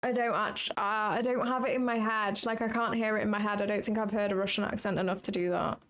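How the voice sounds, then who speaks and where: A woman's voice: medium pitch, fairly even intonation, fast talker, fairly bright tone. A woman live-streaming her trading, talking casually and exclaiming often, with the odd swear word. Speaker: trading livestreamer. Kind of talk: casual livestream commentary.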